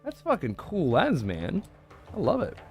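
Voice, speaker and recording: A man streaming a video game, chatting casually and swearing freely with excitable outbursts. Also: on the high side, a little slow, faint music behind. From United Kingdom. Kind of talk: casual gameplay livestream chat.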